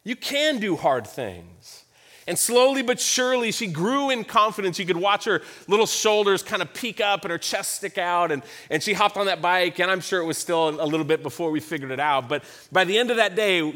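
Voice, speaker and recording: A man's voice: high voice, brisk, few pauses, sharp tone. A man in his thirties preaching a sermon, telling a personal story in a conversational way with emphatic repetition. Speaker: pastor.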